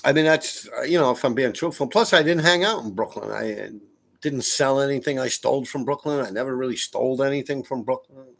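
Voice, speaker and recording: A man's voice: mid-range voice, fairly quick, vocal fry. A middle-aged man from New City, casually telling rambling, profane stories on a livestream from his apartment. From New York City. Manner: profane, rambling, laughs a lot. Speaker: livestream host. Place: room in a ground-floor apartment.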